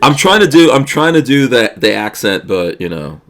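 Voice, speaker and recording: A man hosting a podcast in casual chat, reading out viewer comments in a relaxed, chuckling way. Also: medium pitch, normal speed. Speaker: podcast host.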